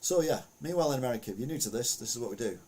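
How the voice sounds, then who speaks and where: Husky chatty man. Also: mid-range voice, animated, rapid-fire, dark tone. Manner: rambling, chatty, frequent fillers and asides. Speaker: podcast host. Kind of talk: casual news commentary.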